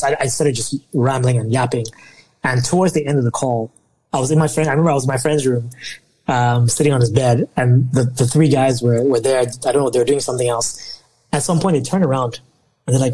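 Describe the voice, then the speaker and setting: A young man from Nigeria, a podcast guest telling a long story in casual interview talk, animated and often laughing. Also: mid-range voice, fast, low-quality recording.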